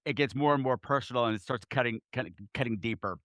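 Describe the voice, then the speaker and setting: A man's voice: mid-range voice, fast, dry recording, clean studio sound. A man on a podcast retelling film moments in a casual chat, laughing as he goes. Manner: laughing, energetic storytelling. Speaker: podcast host.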